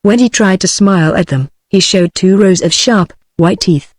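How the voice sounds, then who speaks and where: A British woman's synthetic voice reading an audiobook in an even tone. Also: medium pitch, moderate pace, no room sound. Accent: British English. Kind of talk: text-to-speech audiobook narration.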